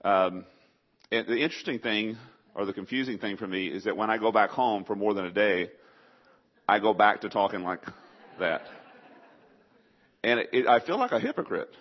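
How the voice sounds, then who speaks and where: A man with a faint East Texas Southern accent delivers a sermon in a somewhat low voice. He is folksy and conversational and keeps turning questions to the congregation. The recording sounds dull and lo-fi. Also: expressive, normal speed, long pauses. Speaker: preacher.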